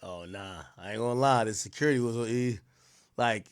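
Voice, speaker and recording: A man hosting a livestream, reacting to a clip in casual, slangy, excitable commentary. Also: on the low side, normal speed, clean tone. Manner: animated, excitable, slangy, repeats himself.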